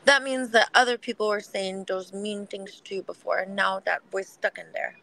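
A woman speaking in a gentle, nurturing tone during an intimate heart-to-heart conversation. She talks loosely, with plenty of "like" and "you know" fillers, and sounds protective and reassuring. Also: mid-range voice, normal speed, creaky, low-quality recording. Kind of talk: supportive heart-to-heart chat.

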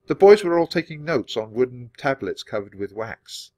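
A man reading a children's chapter book aloud in a clear, steady storytelling manner. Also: mid-range voice, moderate pace, no echo, dull audio. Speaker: storybook reader.

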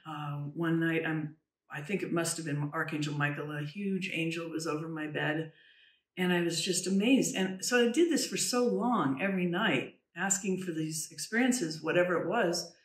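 Woman telling a story, roomy and distant. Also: sits low. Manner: earnest, halting, with many restarts and "you know"; drops to a hushed voice when recounting the eerie moments. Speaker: trance channel medium, interview guest. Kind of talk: personal storytelling in an interview.

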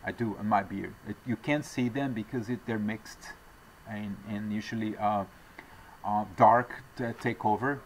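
A man from Argentina, a traveling salesman, telling stories in a casual interview with halting, rambling speech full of restarts. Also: lowish voice, steady tone, a little hiss or hum. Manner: acts out quoted voices.

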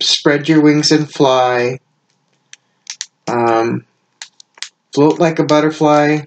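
A woman's voice: deep voice, slight background noise. A woman unboxing a craft mail package and chatting casually, gushing with frequent exclamations and laughs, sounding tired. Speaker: craft channel host.

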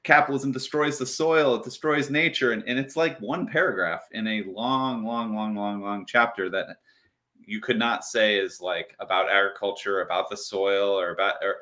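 A man's voice: on the low side, normal speed, pushed and bright. A man, a professor appearing as a podcast guest, talking casually with a lot of "like". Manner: casual, peppered with "like". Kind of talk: casual interview conversation.

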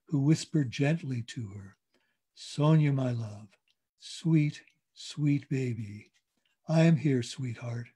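An older man reading a story aloud in a measured, gentle way, then turning to talk with a guest. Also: medium pitch, breathy edge.

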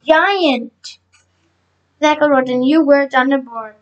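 High-voiced woman reading a children's book. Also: steady tone, fairly quick, highs cut off. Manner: frequent slips and self-corrections. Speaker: storybook reader. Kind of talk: children's book read-aloud.

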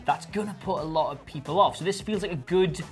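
A man's voice: fairly high pitch, fast, faint music behind. A man co-hosting a wrestling news show in casual, jokey chat, laughing often.

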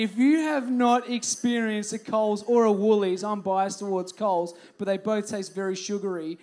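A man's voice: sits high, normal speed, few pauses, a little mellow, some chatter behind, a little hiss or hum. Chatty young Australian man preaching. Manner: chatty, storytelling, playful. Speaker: youth pastor. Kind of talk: youth group talk. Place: youth group hall.

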